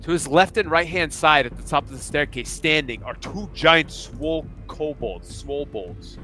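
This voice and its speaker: Young male game master: bright tone, casual, filler-heavy narration. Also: fairly high pitch, normal speed, soft background music. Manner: casual, loose, full of fillers.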